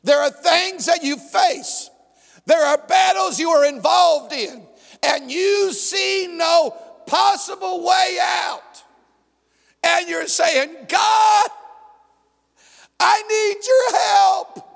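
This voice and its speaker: Male pastor, emphatic sermon, very high voice, slow deliberate delivery, echoing church hall. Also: creaky. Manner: emphatic, often shouting, call-and-response.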